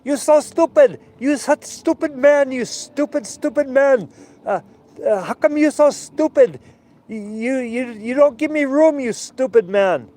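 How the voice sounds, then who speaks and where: A man acting out an irate foreign boat skipper who yells insults in broken English. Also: very high voice, expressive, measured pace, pitched above the performer's own voice. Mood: furious.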